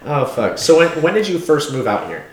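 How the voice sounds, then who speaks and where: A man's voice: on the high side, sing-song, a little fast, echoey room, slight background noise. A man from the United States hosting a casual podcast chat, joking and teasing his guest with crude humor. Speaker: podcast host.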